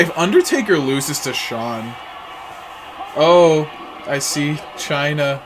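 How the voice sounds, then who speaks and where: A man's voice: on the high side, animated, slow pace, background noise. A man co-hosting a podcast, laid-back and self-deprecating, laughing often as he chats while watching. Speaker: podcast co-host. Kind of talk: casual watch-along chat.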